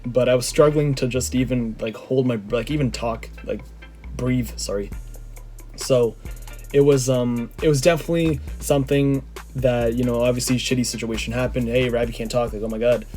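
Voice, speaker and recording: A young man from Canada, a vlogger, telling a rambling, excitable story to camera, full of fillers and restarts. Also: mid-range voice, moderate pace, soft background music.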